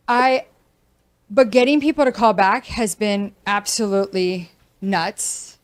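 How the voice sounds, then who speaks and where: A woman's voice: mid-range voice, fairly even intonation, a little slow, smooth. A woman realtor hosting a casual talk show, speaking frankly and venting her frustration. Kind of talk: casual chat.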